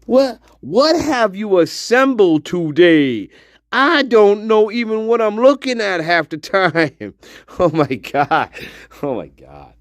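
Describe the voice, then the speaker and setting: Male livestream host, slow and profane, lively pitch, dry close sound. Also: no echo. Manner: profane, rambling, laughs often. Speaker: host of a one-man show. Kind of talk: casual livestream chat.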